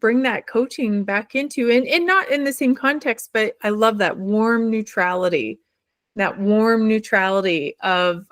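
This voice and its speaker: A woman hosting a coaching podcast, reacting with excited affirmations and building on her guest's ideas. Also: medium pitch, no echo. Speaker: podcast host and leadership coach. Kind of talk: conversational interview.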